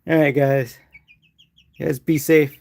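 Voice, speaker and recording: Gravelly man chatting while woodturning. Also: a little high, a little slow. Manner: relaxed, chatty explaining as he works. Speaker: woodturner streaming his craft. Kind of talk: casual live-stream chat.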